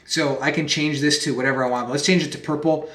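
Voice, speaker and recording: A man giving a casual screen-recorded software tutorial, talking conversationally, restarting phrases and checking in with "okay?" and "right?". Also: a little high, steady tone, quick pace. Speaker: presentation software instructor. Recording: echoey room sound.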